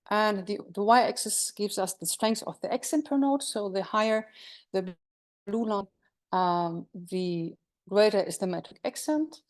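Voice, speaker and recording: A woman's voice: medium pitch, darkish tone. Woman giving an academic lecture. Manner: explanatory, with frequent fillers and self-corrections; asks the audience questions. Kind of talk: academic conference talk.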